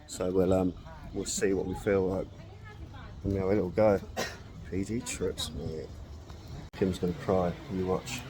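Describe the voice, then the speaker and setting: A man's voice: deep voice, steady tone, measured pace, long pauses, background noise. A man vlogging casually outdoors at an elephant sanctuary, full of slang and calling everyone mate. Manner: laddish, slangy, says "mate" a lot. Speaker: travel vlogger. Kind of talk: casual vlog chat.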